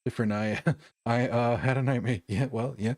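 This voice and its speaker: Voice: mid-range voice, steady tone, moderate pace, darkish tone, no echo, studio quality, lightly acted. A streamer reading a story game aloud, voicing a weary young man who stammers and deflects with awkward jokes. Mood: evasive. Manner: hesitant, stammering, awkwardly joking. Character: weary young man hiding his distress.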